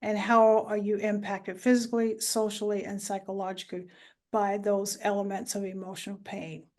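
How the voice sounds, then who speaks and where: A woman presenting a talk on grief in an online webinar, speaking in a measured way with many filler sounds. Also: medium pitch, flat delivery, darkish tone.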